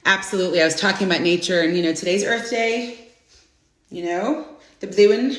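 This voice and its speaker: A woman in her forties hosting a live inspirational stream, chatting casually and greeting viewers by name with bursts of excitement. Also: on the low side, a little fast. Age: 40s. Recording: roomy echo.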